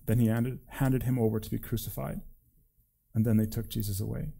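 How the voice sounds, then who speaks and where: A man, a preacher, reading scripture aloud in an expressive, deliberate way. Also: lowish voice, gravelly, slightly rough.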